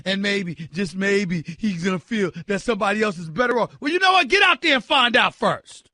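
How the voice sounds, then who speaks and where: A man hosting a sports talk show, ranting loudly and emphatically with incredulous exclamations and direct calls to his listeners. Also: high-pitched, lively intonation, fairly quick, no echo. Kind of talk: sports radio rant.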